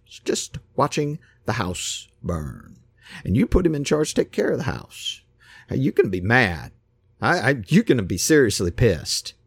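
Folksy, animated male preacher. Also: medium pitch, measured pace, husky, no room sound. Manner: folksy, acts out voices in his stories. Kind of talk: casual sermon.

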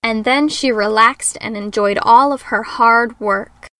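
A woman reads a children's story aloud, slow and careful. Her voice is bright and a little high, recorded dry and close. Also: no echo.

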